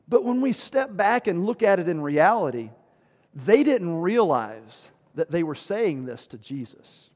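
Male pastor, high voice, emphatic sermon delivery in a church with long reverb. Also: very animated, slow, darkish tone. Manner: emphatic, with rhetorical questions and sudden drops in volume.

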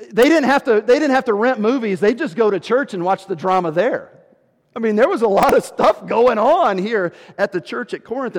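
A male pastor preaching a sermon with emphasis, dropping low and slow for scripture and rising loud to stress a point. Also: big-room sound.

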